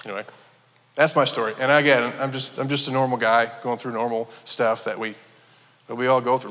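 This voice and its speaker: A man sharing a personal testimony in a church, earnest and halting, with many restarts. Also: mid-range voice, steady tone, a bit bright. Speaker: church member giving testimony. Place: church sanctuary. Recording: long hall reverb.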